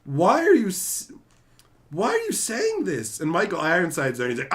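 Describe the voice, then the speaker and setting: A man's voice: a little high, fairly quick. A man on a casual stream, ranting and acting out scenes, swearing freely and laughing as he tells it. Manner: animated, acts out scenes in put-on voices.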